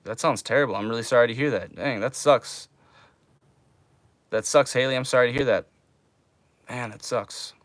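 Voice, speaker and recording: A man's voice: mid-range voice, fairly quick, long pauses, a bit bright, no room sound. A young man chatting casually on a livestream, laid-back and drawling, calling people man and bro.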